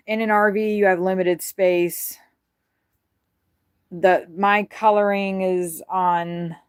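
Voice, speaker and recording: A woman's voice: on the low side, smooth, dry recording, clean studio sound. A woman vlogger giving a rambling, frank tour of her RV, chatting casually and swearing freely. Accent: Midwestern American. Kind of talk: casual chat. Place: inside an RV.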